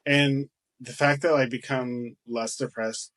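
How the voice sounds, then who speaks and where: A man's voice: mid-range voice, fairly even intonation, measured pace, fairly bright tone. A man co-hosting a casual podcast chat, loose and jokey, swearing and laughing often. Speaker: podcast co-host.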